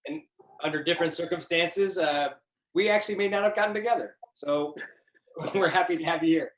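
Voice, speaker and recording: A man's voice: on the high side, brisk, reverberant, poor audio. A man co-hosting a casual video call chat, playfully explaining things at length. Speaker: co-host.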